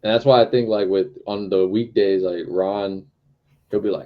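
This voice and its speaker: Low-voiced laid-back Texan guy, slightly dull audio. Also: normal speed. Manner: laid-back, acts out quoted exchanges. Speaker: podcast co-host. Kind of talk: casual chat.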